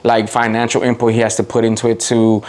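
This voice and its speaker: A middle-aged man from the Waukegan area, a podcast guest telling stories in casual chat, rambling with lots of fillers and getting animated when he quotes people. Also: mid-range voice, fast. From Waukegan area, Illinois. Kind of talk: casual interview storytelling.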